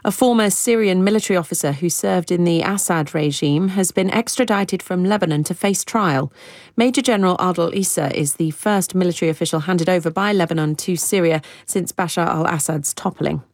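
Woman reading the news, lowish voice, super dry close sound. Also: a little fast, a little mellow, dry recording. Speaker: newsreader. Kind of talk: scripted news bulletin.

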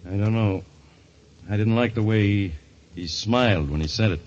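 An actor playing a blunt, wisecracking police inspector with a husky voice and gruff, folksy slang, 1940s radio acting style. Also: male voice, lowish voice, moderate pace, a little mellow, natural voice. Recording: dull lo-fi old radio recording.

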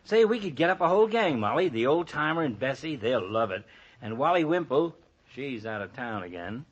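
A jovial teasing doctor, husky lively voice, dull lo-fi old radio sound. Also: male voice, medium pitch. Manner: jovial, ribbing, quick to laugh. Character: jolly teasing doctor friend. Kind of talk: 1940s radio acting.

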